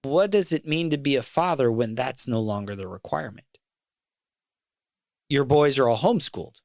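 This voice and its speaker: A man's voice: mid-range voice, animated, moderate pace, gravelly, darkish tone, no echo. Middle-aged man, podcast chat, earnest and reflective, mid-range voice, dry close mic. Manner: earnest and reflective, talks about fatherhood with feeling. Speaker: podcast co-host. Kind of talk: casual podcast conversation.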